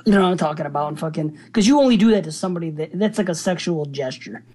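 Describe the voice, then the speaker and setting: A profane, animated man riffs on horror film logic in a casual podcast chat. His voice sits fairly high and swings widely in pitch. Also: racing, slight background noise. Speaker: podcast co-host. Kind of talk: casual movie review chat.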